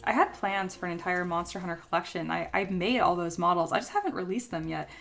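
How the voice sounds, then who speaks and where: Young woman, relaxed livestream teacher, talks through her work and chats with viewers; voice still a bit rough. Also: lowish voice, fast talker, soft background music. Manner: chatty, reads chat aloud and answers. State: voice still recovering from illness. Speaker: sculpting livestream host. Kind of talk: casual livestream tutorial.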